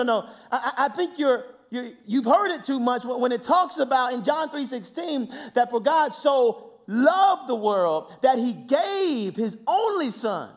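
A man preaching a sermon, swinging between hushed, near-whispered passages and loud, impassioned shouting, often repeating words as he builds. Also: very high voice. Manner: repeats words and restarts phrases in bursts.

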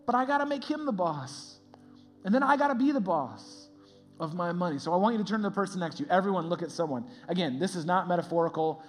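A man preaching a sermon as a pastor in a lively, conversational way, laughing often. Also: sits high, fast, faint music behind.

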